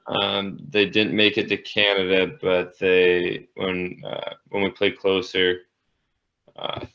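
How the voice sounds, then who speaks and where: A young American man, a hockey player guest, talking in a laid-back, halting way. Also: sits low, completely flat delivery, a bit bright. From United States. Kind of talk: casual interview chat. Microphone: video call. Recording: dull lo-fi video call audio.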